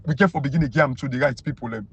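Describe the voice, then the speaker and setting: A Sierra Leonean man speaking in Krio-accented English, giving a mocking, emphatic political rant that keeps jumping high when he is incredulous. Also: rapid-fire, creaky, slightly rough, muffled recording. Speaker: political commentator.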